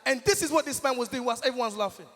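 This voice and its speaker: A man's voice: very high voice, rapid-fire. A young man from Congo hosting a live event as a comedian, telling stories and talking straight to the crowd on stage in a large hall. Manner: animated, addresses the crowd directly. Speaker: comedian host. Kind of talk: stand-up storytelling at a live event. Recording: long hall reverb.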